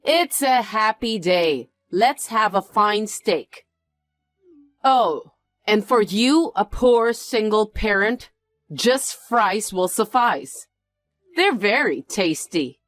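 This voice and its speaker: A woman's voice: mid-range voice, expressive, takes it slowly, no room sound, soft background music. A woman playing a snobbish, taunting rich woman. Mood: mocking. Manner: condescending, taunting. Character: snobbish, mocking wealthy woman.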